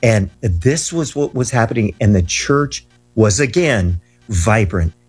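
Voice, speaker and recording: Man, interview guest, earnest emphatic storyteller, low husky voice. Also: animated, a little slow, a little mellow, soft background music. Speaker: guest recounting ministry travels.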